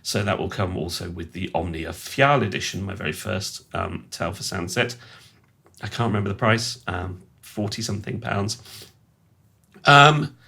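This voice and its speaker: A man's voice: deep voice, moderate pace, gravelly, sharp tone, slightly rough. A man, a sound designer, gives a casual, rambling and self-mocking walkthrough of his synth patches.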